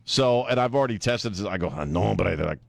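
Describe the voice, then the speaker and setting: A man's voice: on the low side, lively intonation, a little fast, creaky, no room sound. A middle-aged man hosting a talk radio show, rambling and joking in casual banter. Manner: rambling, joking, laughs often.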